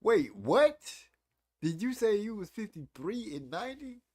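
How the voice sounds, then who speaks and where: Speaking in a high-pitched, sing-song, unhurried way with a darkish tone, a man in his 40s hosts an easygoing live stream. He banters about old movies, teases viewers, and reads their chat messages aloud.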